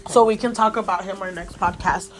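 A young woman co-hosting a podcast chats casually, rambling and leaning heavily on fillers. She speaks fairly quickly in a medium-pitched, steady voice.

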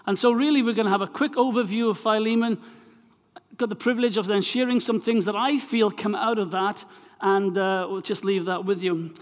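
The sound of a long, reverberant hall surrounds a Welsh man introducing a sermon and then reading scripture. His voice is high-pitched with fairly even intonation and a slightly fast pace, and he is chatty, often restarting his phrases.

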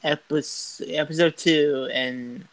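A man's voice: on the high side, steady tone, slow, no room sound, low-quality recording. A man hosting a casual podcast with a friend, talking loosely and rambling. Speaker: podcast host. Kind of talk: casual chat.

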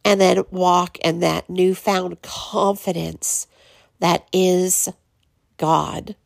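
A middle-aged woman hosting a devotional podcast, speaking in an earnest, encouraging way with frequent pauses. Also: fairly low pitch, steady tone, vocal fry, no room sound, studio quality. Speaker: podcast host.

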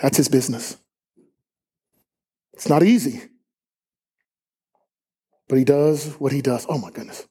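A man preaching a sermon in a church, emphatic and rising to high exclamations. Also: steady tone, slow pace, long pauses, dark tone, breathy edge. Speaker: pastor. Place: church sanctuary.

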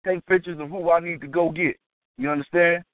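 A man talking on a casual call-in show, using lively, profane street slang. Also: a little high, brisk, dry recording. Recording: dry, tinny phone-line audio.

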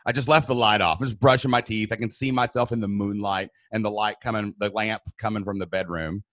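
A man telling an emotional personal story in a casual, animated way, often saying "dude" and "man". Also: fairly low pitch, brisk, dry recording, studio quality. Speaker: guest.

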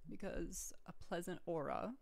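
A woman's voice: on the low side, measured pace, vocal fry, darkish tone. A woman who works as a restaurant server, chatting casually and self-deprecatingly with plenty of fillers. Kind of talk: casual podcast chat.

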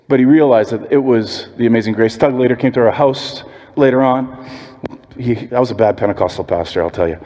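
A man's voice: medium pitch, moderate pace, darkish tone. A man preaching a sermon as pastor, telling stories and acting out quoted voices. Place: church sanctuary. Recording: long hall reverb.

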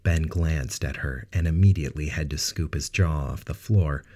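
A man narrating a science fiction audiobook in a steady, even reading. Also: rumbling low, moderate pace. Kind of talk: scripted narration.

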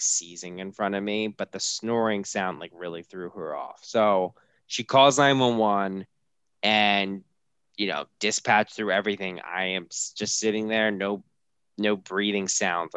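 A man with a lowish voice tells a story on a podcast, animated and quick to act out the voices of the people in it. His voice is recorded dry and close, with no room sound around it. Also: clear, resonant tone, dry recording. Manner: animated, acts out quoted voices. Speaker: podcast co-host. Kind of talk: casual storytelling chat.

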